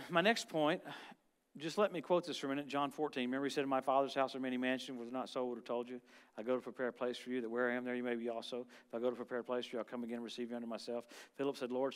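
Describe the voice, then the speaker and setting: A man preaching as a guest minister, telling stories and quoting scripture, swinging from loud shouts to quiet asides. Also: mid-range voice, level tone, racing, clear, resonant tone. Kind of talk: lively sermon with stories.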